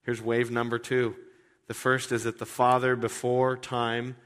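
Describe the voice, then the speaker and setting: A man preaching a sermon in an animated, joking way, often repeating words. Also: mid-range voice, unhurried, long reverb tail. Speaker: pastor.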